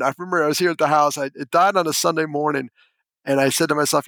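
Gravelly, upbeat middle-aged man. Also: a little high, quick pace, fairly bright tone, dry recording. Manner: upbeat, jokey storytelling. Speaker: podcast guest. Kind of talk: casual conversation.

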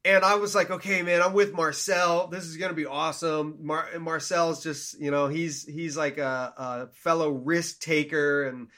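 A man's voice: fairly high pitch, moderate pace, hardly any pauses. A young man co-hosting a casual faith podcast, telling a story and acting out the voices of the people in it. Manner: animated storyteller, acts out quoted dialogue. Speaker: podcast co-host.

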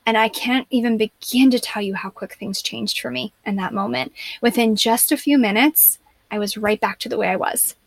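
A woman's voice: on the high side, normal speed, no echo. A woman coach talking earnestly and reflectively as an interview guest, often checking in with "right?" and "you know".

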